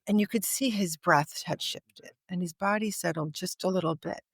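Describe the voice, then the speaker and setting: A woman's voice: lowish voice, moderate pace, dry recording. Woman telling a story, dry close sound. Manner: vivid anecdote teller, acts out quoted dialogue. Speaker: podcast guest, author. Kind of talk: storytelling in conversation.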